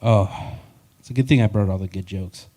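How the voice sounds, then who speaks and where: A man's voice: on the low side, moderate pace, dark tone. Wry rambling male stand-up comic. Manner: wry, rambling and self-deprecating. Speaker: stand-up comedian. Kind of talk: live stand-up set.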